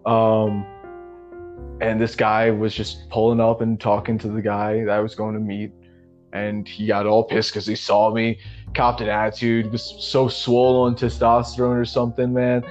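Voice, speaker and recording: A man's voice: on the low side, monotone, normal speed, darkish tone. Laid-back swearing young man telling a story. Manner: profane, laid-back storytelling, full of fillers like "man" and "you know". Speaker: podcast co-host. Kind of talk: casual storytelling chat. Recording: slightly muffled lo-fi audio with faint music.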